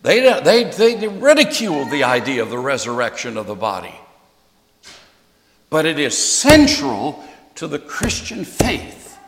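A man preaching a sermon as pastor, emphatic and folksy, shifting between loud stresses and soft asides to his congregation. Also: a little high, in a large hall.

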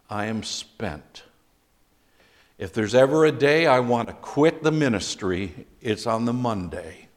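A middle-aged male pastor delivers a sermon at an unhurried, deliberate pace. His voice rings out in a church hall with a long reverb tail, and he turns suddenly loud when quoting. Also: medium pitch. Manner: slow, emphatic preaching with sudden loud quoted outbursts.

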